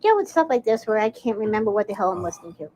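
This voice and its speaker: A woman's voice: mid-range voice, sing-song, racing, crowd noise. A woman rambling through a casual message to a podcast, forgetful and swearing.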